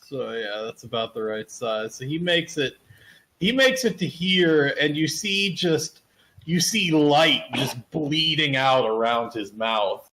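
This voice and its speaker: A man's voice: on the high side, lively intonation, slow pace, bright, forceful tone, rough recording. A man playing a tabletop game, explaining his character's moves in a rambling, laughing way. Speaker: player. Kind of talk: casual tabletop play.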